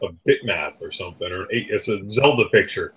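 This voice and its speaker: A man's voice: deep voice, animated, fast, a bit bright, husky, lo-fi sound. A man co-hosting a gun podcast, wisecracking in casual chat. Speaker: podcast co-host.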